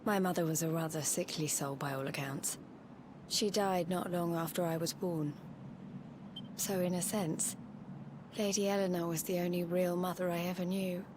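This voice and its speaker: An actress playing a gentle young noblewoman who speaks softly and earnestly. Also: lowish voice, steady tone, normal speed, noisy background, close to an everyday voice. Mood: wistful. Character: young noblewoman, the hero's gentle foster sister. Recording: game audio over clear music.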